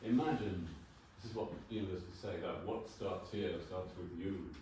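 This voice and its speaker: Man in his sixties with a wry, lowish voice in a very echoey hall. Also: normal speed, noisy background. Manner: wry, informal, swears for comic effect. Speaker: brand designer giving a talk. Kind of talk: conference talk. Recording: very echoey hall, mic far off.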